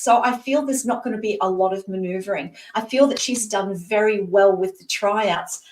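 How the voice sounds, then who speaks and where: Scottish-born psychic woman in her 60s, reassuring live card reading, roomy sound from a distant mic. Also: medium pitch. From Scotland. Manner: warm, reassuring, talks to the asker by name. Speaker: psychic reader.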